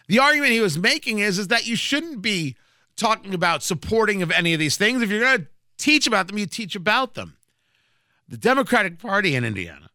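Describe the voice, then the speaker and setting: A man's voice: high voice, bright, forceful tone, dry recording, studio quality. A man hosting a political radio show, giving combative, emphatic commentary with sarcastic asides.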